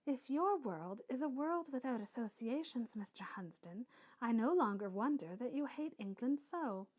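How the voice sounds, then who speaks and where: A woman reading an audiobook and voicing a proud, earnest young woman who speaks softly and with quiet fervour. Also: sits high, lively intonation, normal speed. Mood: fervent.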